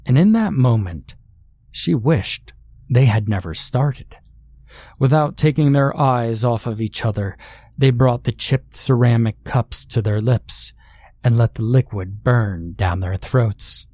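A man narrating a horror story in a slow, measured, dramatic storytelling style. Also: mid-range voice, mellow, dry recording.

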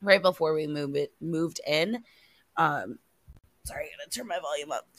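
A woman's voice: deep voice, normal speed, dry recording, clean studio sound. A young woman co-hosting a podcast over a video call, telling stories in a casual, joking way with some swearing. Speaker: podcast co-host.

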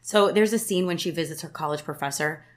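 This co-host speaks a little fast in a low-pitched voice, walking through a film's plot in chatty podcast style. "Like" peppers her speech, and she gets livelier whenever she imitates the characters.

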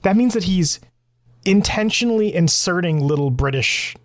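A man's voice: high voice, lively intonation, dry recording. Chatty man reacting to a TV show. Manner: chatty, self-correcting, quick to analyze. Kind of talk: casual reaction commentary.

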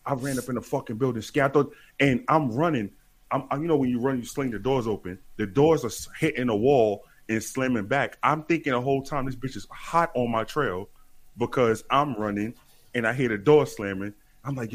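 A man from the Bronx holds the floor in a relaxed chat. His storytelling is animated and full of profanity. He doubles back on his own phrases for effect. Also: mid-range voice, a little fast. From the Bronx, New York.

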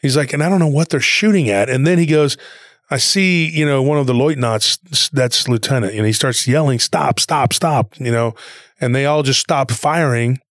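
A man's voice: mid-range voice, moderate pace, no room sound, studio quality. A man casually retelling a story he heard, rambling along with plenty of "he goes" and "he's like".

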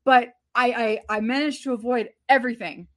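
A woman's voice: a little high, fairly even intonation, a little fast. A woman co-hosting a movie review podcast, speaking frankly and casually, with some swearing. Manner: frank, casual, profane talk. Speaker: podcast co-host.

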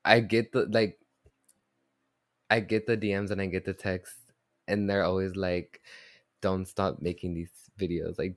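A young American man with a low-pitched voice hosts a casual solo podcast, rambling affectionately and leaning heavily on filler words. The studio-quality recording has no room sound. There is also a word, "touches," that isn't clear.

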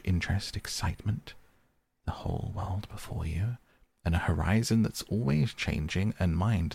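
Pompous wheedling toad, low gravelly man reading, soft bedtime audiobook style. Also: heavily acted. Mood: enthusiastic. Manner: pompous, enthusiastic, coaxing. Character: boastful excitable male toad, grand and wheedling.

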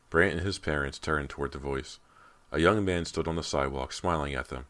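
Male audiobook narrator, extremely deep voice, measured and ominous. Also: fairly bright tone. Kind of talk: scripted narration.

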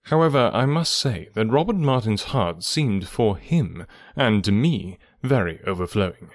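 A man reading the part of an earnest, kindly gentleman in an audiobook of a classic novel, speaking in a measured, gently reasoning way. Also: fairly low pitch, expressive, no echo, clean studio sound.

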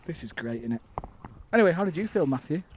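A man with a Leeds accent co-hosting a casual chat in a back garden, excitable with loud bursts of elation. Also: fairly high pitch, quick pace, husky. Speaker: podcast co-host. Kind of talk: casual celebratory chat among friends.

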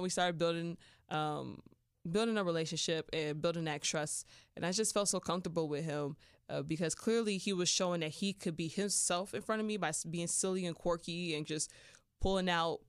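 A woman hosting a podcast, telling a personal story in a casual, animated way with slangy asides. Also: lowish voice, brisk, clean tone, dry recording, studio quality. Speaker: podcast host.

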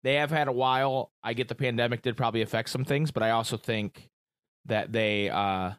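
A man's voice: medium pitch, a little fast, fairly bright tone, clean tone, no echo. A man hosting a podcast in a casual, chatty and enthusiastic way, hyping up his guests. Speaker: podcast host.

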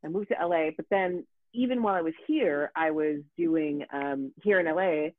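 A woman's voice: deep voice, moderate pace, dry recording. A woman in her forties, a voice actor, telling stories in a casual podcast chat and acting out the voices of people she quotes. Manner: animated storyteller, acts out quoted voices. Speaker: voice actor guest. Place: home in Los Angeles. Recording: tinny phone-like line, dry.

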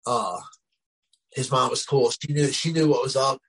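Husky New man, middle-aged guest, rambling storyteller, medium pitch. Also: moderate pace, fairly bright tone, low-quality recording. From New Jersey, US. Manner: rambling, frequent "you know what I mean" fillers. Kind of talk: casual storytelling.

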